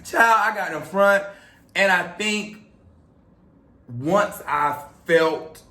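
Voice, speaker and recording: A man's voice: high voice, extremely slow, pushed and bright, echoey room, a little hiss or hum. A talkative young man telling a story in a casual, chatty vlog style, loose with filler words. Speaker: vlogger.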